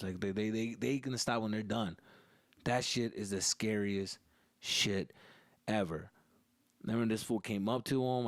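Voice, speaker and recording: A man's voice: medium pitch, no echo, clean studio sound. A young man hosting a podcast, telling stories in casual, profane English with Spanish slang mixed in, acting out the voices of the people in them. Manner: profane, animated, acts out other voices. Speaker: podcast host. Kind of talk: casual storytelling monologue.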